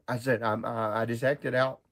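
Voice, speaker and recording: A man's voice: medium pitch, little pitch movement, takes it slowly, a bit bright. A man from Oklahoma rambling through a personal testimony, often repeating himself and stumbling over his words. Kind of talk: storytelling testimony.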